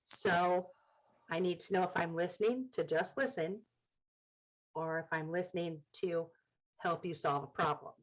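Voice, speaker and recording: A woman's voice: fairly low pitch, measured pace, long pauses, highs cut off. A middle-aged woman telling candid stories in conversation, acting out quoted dialogue with humor. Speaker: guest.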